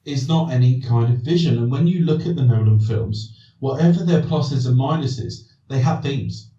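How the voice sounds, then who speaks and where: A man hosts a casual film podcast, thinking aloud and answering his own questions. His voice is warm and mellow. It sounds distant and echoey, with a dull, lo-fi tone. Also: medium pitch, normal speed. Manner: rambling, restarts sentences, asks himself questions. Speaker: podcast host. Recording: distant roomy dull recording.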